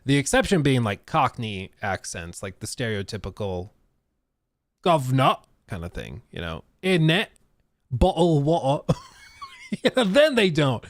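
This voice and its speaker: A man's voice: medium pitch, big pitch swings, unhurried, no echo. A man hosting a casual gaming livestream, rambling loosely, laughing often and reading out chat messages. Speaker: gaming streamer.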